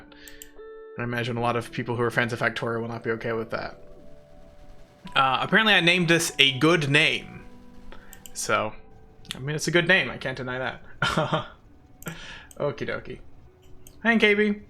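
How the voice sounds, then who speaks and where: A man's voice: mid-range voice, fairly quick, pauses often, pushed and bright, soft background music. A man chatting casually with viewers on a live stream, playful and giggly, poking fun at himself. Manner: self-deprecating.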